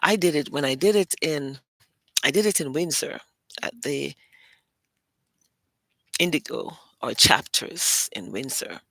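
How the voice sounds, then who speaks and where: A British woman hosting a show, telling stories in a casual, animated way and acting out what other people said. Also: deep voice, a little slow, long pauses, no echo. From Britain. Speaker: host. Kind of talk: casual storytelling monologue.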